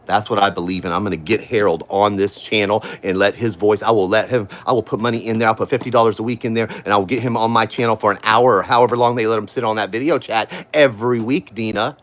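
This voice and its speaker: A man, hosting a livestream from his home on a phone mic, ranting angrily and confrontationally at someone he names over and over, his voice sore from screaming. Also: lowish voice. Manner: confrontational, repeats a name accusingly. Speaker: livestream host. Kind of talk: angry livestream rant. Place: at home, indoors.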